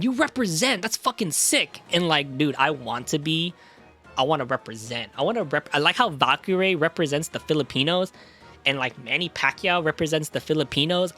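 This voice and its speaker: A man's voice: on the high side, pushed and bright, slightly rough. Crude, rambling young male streamer. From Cambodian heritage. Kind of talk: casual chat.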